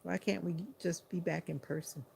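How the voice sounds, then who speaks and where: A sleepy woman hosting a livestream, chatting to viewers in an unhurried, casual way. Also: lowish voice, fairly even intonation, creaky, a little mellow, breathy edge. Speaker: livestream host.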